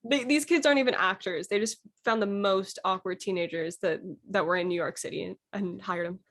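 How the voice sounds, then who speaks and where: A woman's voice: medium pitch, brisk, a bit bright. A woman appearing as a podcast guest in casual chat. She is playful, laughs easily and talks with a lot of "like" fillers.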